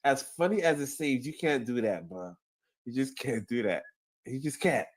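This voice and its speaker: A man's voice: mid-range voice, expressive, normal speed. A man hosting his own channel, chatting casually about sports and reacting to a clip, laughing often and repeating himself. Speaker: channel host.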